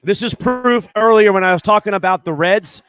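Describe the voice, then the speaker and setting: A man hosting a sports podcast in casual chat, excitable and rambling, checking in with "right?" often. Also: sits high, brisk. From Arizona. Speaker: podcast host.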